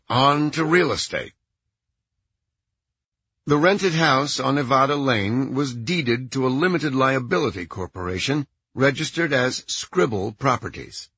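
A man narrating a crime story in a scripted, expressive read. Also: mid-range voice, breathy edge, dry recording, highs cut off. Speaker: audiobook narrator.

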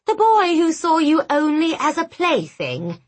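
A woman voicing a cold, accusing aunt, speaking slowly in a low, hollow whisper full of scorn. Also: wildly swooping pitch, full character voice. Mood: scornful.

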